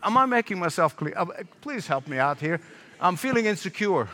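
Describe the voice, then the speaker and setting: Older man, pastor, sermon, repeats key phrases, bright forceful tone, long hall reverb. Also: high voice, normal speed, slight background noise. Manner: animated preaching, repeats phrases for emphasis, asks the congregation questions.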